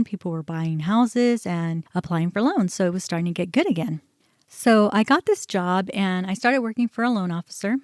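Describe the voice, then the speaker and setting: A woman talks candidly as a podcast host, recounting her own experiences in a conversational way. Her voice sits at a middling pitch, and the recording is close and dry, with no room sound. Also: darkish tone, dry recording. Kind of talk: personal storytelling.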